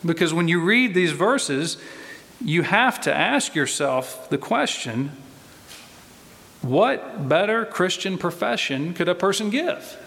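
A man preaching a sermon in a slow, deliberate way, pressing his points with emphatic repetition. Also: high voice, very animated, gravelly, a bit bright. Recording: long reverb of a large hall.

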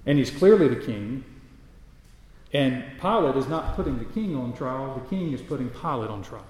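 A man's voice: mid-range voice, animated, normal speed, darkish tone. Preaching man in an echoey hall. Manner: expository preaching with repeated emphatic phrases. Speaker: pastor. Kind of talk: sermon.

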